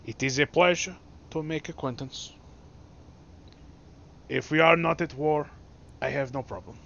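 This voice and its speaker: A man's voice: medium pitch, moderate pace, slight background noise, pitched below the performer's own voice, natural voice. A man voicing a polite, formal male imperial envoy who speaks in clipped, broken phrases. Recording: dull lo-fi recording.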